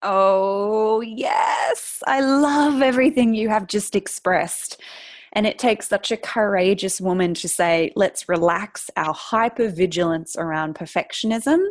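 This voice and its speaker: A woman's voice: mid-range voice, unhurried, dry recording. A woman hosting a podcast interview, gushing and lavish with praise for her guest. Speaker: podcast host.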